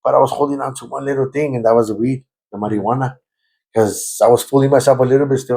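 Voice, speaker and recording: A man telling his conversion testimony in a conversation, repeating himself and stammering, and turning loud and fervent as he relives praying, with Spanish words slipping in. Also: mid-range voice, steady tone, fast, creaky. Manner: grows loud and fervent when reliving prayer. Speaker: guest giving a testimony.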